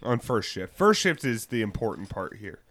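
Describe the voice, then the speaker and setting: A man's voice: fairly low pitch, very animated, normal speed, a bit bright. A man co-hosting a podcast, telling a rambling work story in casual chat. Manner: rambling storytelling with fillers and restarts. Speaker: podcast co-host.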